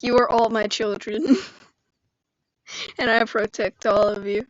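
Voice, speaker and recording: A young woman talks to her stream viewers in a high, slow voice, stuffy from allergies. She breaks into emotional, high squeals and laughs often. The audio is dry and a little dull, like a home stream. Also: steady tone, no room sound. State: congested from allergies. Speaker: live streamer. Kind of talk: casual live stream chat. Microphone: phone or computer mic.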